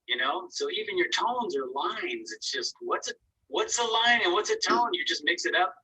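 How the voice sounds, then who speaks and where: A man's voice: high-pitched, expressive, moderate pace, pushed and bright, breathy edge, distant mic, rough recording. A man teaching an online painting class, giving casual, encouraging critiques of students' work and thinking aloud as he goes. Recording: voice from away from the mic.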